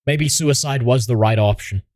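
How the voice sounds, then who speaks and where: A man's voice: medium pitch, normal speed, a little mellow. Crude, foul-mouthed male streamer. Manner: crude, heavy swearing, self-mocking. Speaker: streamer reacting to videos. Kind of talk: casual stream commentary.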